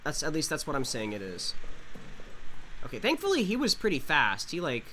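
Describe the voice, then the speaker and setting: A man giving chatty, animated commentary as he streams a game live and talks to his chat. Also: a little high, moderate pace, a little hiss or hum.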